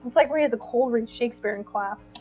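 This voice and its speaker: Young woman streamer reading a game out loud, kinda high voice, gets teary and giggly. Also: fast, dull audio, soft background music. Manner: emotional, giggly, easily moved. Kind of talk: reading a story game aloud with commentary.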